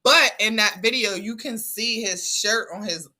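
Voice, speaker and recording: A woman host gives casual reaction commentary in a chatty, loose way with plenty of ums. Her voice is mid-pitched and bright. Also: a little slow. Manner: chatty, filler-heavy.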